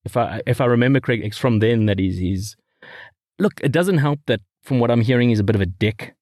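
A man's voice: mid-range voice, fast, a little mellow, no room sound. Podcast co-host guy, rambly casual chat, keeps laughing at his own bits, dead dry sound. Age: adult, married.

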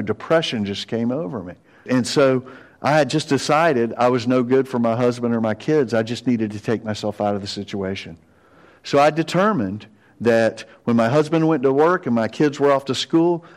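A man preaching a sermon in a church sanctuary. His voice sits at an ordinary middle pitch, and he tells his stories emphatically. He rises to earnest exhortation as he addresses his congregation. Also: normal speed. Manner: storytelling, emphatic and rising to exhortation. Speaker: pastor.

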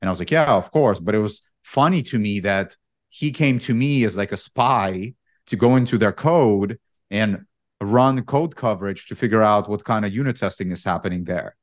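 A man's voice: on the low side, normal speed, no echo, clean studio sound. A man speaking as a podcast panelist in a casual discussion, hesitant and often repeating his words.

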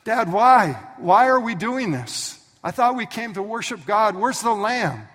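A man doing an eager, high young boy. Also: sing-song, fairly quick, a bit bright, slightly rough, exaggerated voice. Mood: pleading. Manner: eager, breathless questions. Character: excited young boy on a trip with his father. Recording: echoey hall from some distance.

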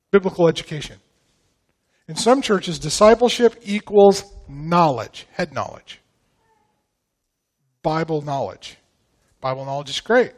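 Putting questions to the congregation, this high-pitched guest pastor from the northern US delivers his sermon in a relaxed, conversational style.

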